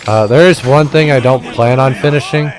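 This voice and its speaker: Casual gamer man, frank and unhurried. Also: mid-range voice, a crowd in the background. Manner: relaxed, frank, swears, many filler "uh"s. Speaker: let's play host. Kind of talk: casual gameplay commentary.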